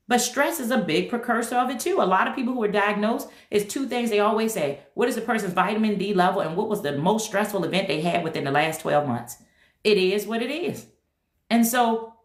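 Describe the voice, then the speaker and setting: A woman's voice: medium pitch, animated, moderate pace, a bit bright. A middle-aged woman hosting a casual livestream, talking emphatically and straight to her viewers. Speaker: livestream host. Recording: echoey room.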